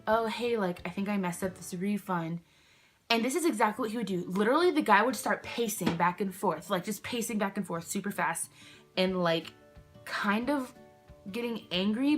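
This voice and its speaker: A young woman chats to her own camera at home, telling a workplace story in a loose, rambling way. She sidetracks often and pads her sentences with fillers. Her pitch sits in the middle of the female range. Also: a bit bright. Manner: rambling, chatty, many "like" fillers, self-interrupting. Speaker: vlogger. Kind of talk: casual storytime chat. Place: indoors at home, candles nearby. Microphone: camera she films herself with.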